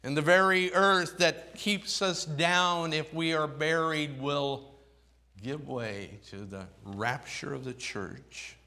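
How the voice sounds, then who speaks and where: A man preaching a sermon, reading scripture in old-fashioned wording and swinging between soft, low phrases and raised, emphatic ones. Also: takes it slowly. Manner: reads scripture aloud in King James wording.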